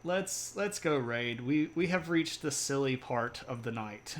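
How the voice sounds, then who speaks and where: A man's voice: on the high side, lively intonation, takes it slowly, pauses often, fairly bright tone, slight background noise. Chatty laughing stream host, man. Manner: chatty, laughs often, lots of fillers. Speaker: teacher. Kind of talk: casual live-stream chat.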